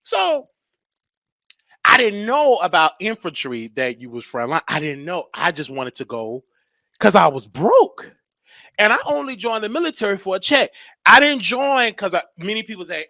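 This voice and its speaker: Animated young man telling stories. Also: high voice, normal speed, no room sound. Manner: animated, acts out voices, laughs between lines. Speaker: show host. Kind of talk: comedic storytelling monologue.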